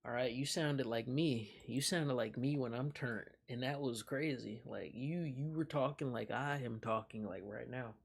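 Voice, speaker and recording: A young man streams live, chatting loosely with his viewers, swearing and laughing aloud as he reacts. His medium-pitched voice has vocal fry and a breathy edge, moving at normal speed with hardly any pauses.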